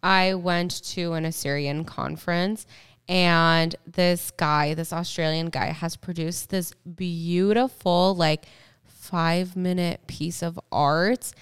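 A young woman co-hosting a podcast, telling stories in a chatty, animated way. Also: on the low side, slow pace, smooth. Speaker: podcast co-host. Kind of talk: casual chat.

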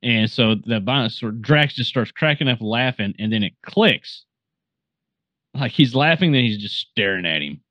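A man's voice: mid-range voice, animated, moderate pace, dry recording. A man hosting a podcast, casually retelling a movie scene with lots of fillers and restarts. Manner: rambling, filler-heavy storytelling. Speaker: podcast host. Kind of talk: casual movie recap chat. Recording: dull, dry sound.

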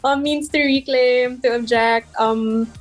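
A woman's voice: fairly high pitch, steady tone, a little slow, faint music behind. A young woman who runs a small crochet shop, chatting casually in an interview, laughing often and filling with "like" and "um.". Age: young adult. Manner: giggly, chatty, many fillers. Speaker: guest, crochet shop owner.

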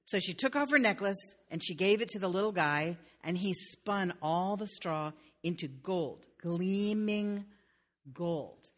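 A woman's voice: lowish voice, animated, a little slow. A woman pastor telling a fairy tale in a sermon, with playful asides to the listeners.

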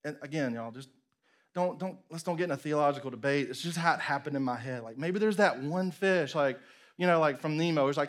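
A pastor delivers his sermon as a lively story, slipping into acted voices and then falling to a hushed, intimate near whisper. His voice sits a little high for a man. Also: fairly quick.

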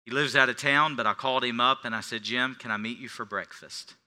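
A middle-aged male pastor preaching a sermon, swinging between quiet confession and loud, forceful preaching. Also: medium pitch, fairly even intonation, a little fast.

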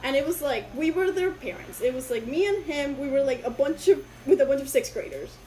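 Woman guest, spanish is her first language, kinda high voice, rambly storytelling, faint hiss. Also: lively intonation, a little fast, darkish tone, poor audio. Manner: rambling storyteller who acts out quoted people. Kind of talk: casual interview chat.

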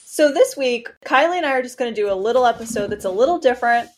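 A woman's voice: fairly high pitch, expressive, fast, faint music behind. A woman from Hawaii co-hosting a podcast, chatting candidly, giggling and exclaiming often. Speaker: podcast co-host. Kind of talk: casual chat.

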